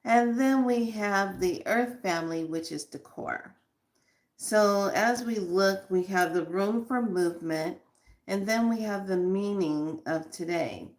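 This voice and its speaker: Woman, middle-aged, spiritual vlog host, chatty, animated, laughs often, rhythmic repeated questions, mid-pitched voice. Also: takes it slowly. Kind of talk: casual spiritual vlog talk.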